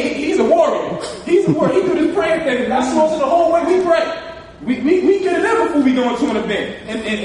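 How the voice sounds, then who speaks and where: High-voiced speaker in an echoey hall. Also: male voice, recorded from a distance, a little hiss or hum. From New Jersey. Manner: emotional, repetitive, storytelling. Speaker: motivational speaker. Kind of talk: live talk to an audience.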